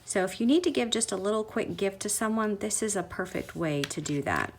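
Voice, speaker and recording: A woman's voice: mid-range voice, animated, a little fast. A woman walking through a paper craft project step by step in a chatty tutorial, often gushing about how cute it turns out. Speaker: craft demonstrator.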